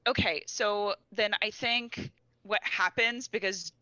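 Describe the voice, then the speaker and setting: A woman's voice: mid-range voice, fairly even intonation, slow, sharp tone, no echo. Hesitant woman player, dry muffled sound. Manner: hesitant, thinks aloud. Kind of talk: tabletop role-play.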